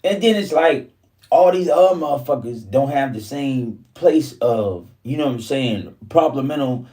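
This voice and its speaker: A vlogger sits far from the mic, delivering a casual monologue of profane, repetitive, heated ranting. His mid-range voice is warm, with lively intonation and a moderate pace.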